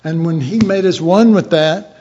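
A man's voice: a little high, moderate pace, warm tone. A man giving a conversational Bible teaching, chatty and informal, acting out little imagined dialogues. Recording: dull lo-fi recording.

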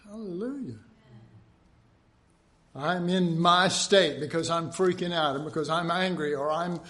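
Slow, high-voiced older preacher. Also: male voice, slight background noise. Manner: folksy, acts out quotes, drawn-out emphatic phrases. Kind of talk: conversational sermon.

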